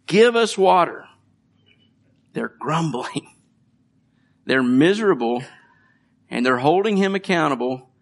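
With a gravelly, mid-range voice, a middle-aged pastor preaches in a relaxed, conversational way. He reads from scripture and jokes about his children, laughing lightly along the way.

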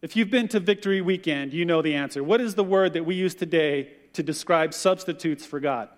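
High-voiced male pastor in a reverberant hall. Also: a little fast. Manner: animated storyteller who acts out quoted voices. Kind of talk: sermon.

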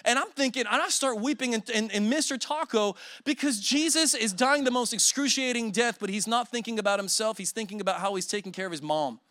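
A man's voice: high-pitched, fairly quick, hardly any pauses, sharp tone, no room sound. A man in his forties preaching a sermon as a guest speaker, telling emotional stories with self-deprecating humor.

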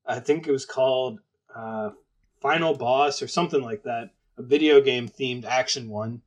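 A man's voice: mid-range voice, moderate pace. Give me an easygoing man co-hosting a film podcast, casual and laughing along. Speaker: podcast co-host.

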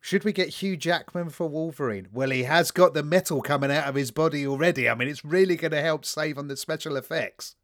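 With a fairly high voice, this man talks a little fast and hardly pauses while co-hosting a podcast. He swears freely as he tells stories in a relaxed conversation, quoting people with animation.

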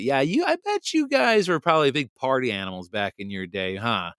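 A man hosting a podcast, chatting casually with his live chat and reading a passage aloud, animated and laughing often. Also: medium pitch, brisk, clean tone, no echo, studio quality. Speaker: podcast host. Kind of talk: casual livestream chat, reading comments and history text.

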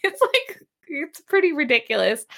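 A high-voiced woman talks casually and sarcastically as a podcast co-host. She laughs often and slips into mock voices for the characters. Her delivery is loose and playful. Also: big pitch swings, normal speed, vocal fry, bright, forceful tone. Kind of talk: casual chat recapping a TV episode.

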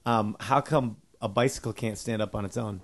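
A middle-aged man hosting a podcast and trading crude, teasing banter and jokes with a guest comic, often getting loud. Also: lowish voice, fairly even intonation, moderate pace. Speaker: podcast host, comedian. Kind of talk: casual podcast chat.

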